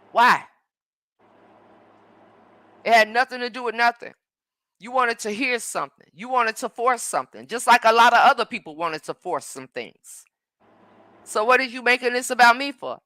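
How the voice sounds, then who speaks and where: Sassy woman live-streamer with a bright voice. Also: a little high, dry recording. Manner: sassy and combative, with drawn-out mm-mms and terms like baby and honey. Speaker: live-stream host reading viewer comments. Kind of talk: casual live-stream chat.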